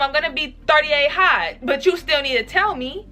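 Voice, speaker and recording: A woman telling a casual storytime to her viewers, blunt, profane and animated. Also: sits high, moderate pace, few pauses, soft background music. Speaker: vlogger.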